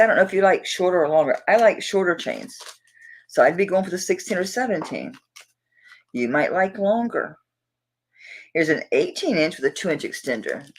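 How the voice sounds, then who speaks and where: In casual livestream chat, a middle-aged woman with a Southern accent hosts a jewelry auction and talks affectionately with viewers. Her voice is low-pitched, and the rough recording carries slight background noise.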